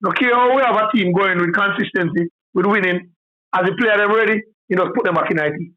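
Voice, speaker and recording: A man's voice: sits high, fast. A man with a Jamaican accent calling in to a sports show, rambling in heavy patois. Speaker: caller. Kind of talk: casual phone-in chat. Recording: tinny phone line.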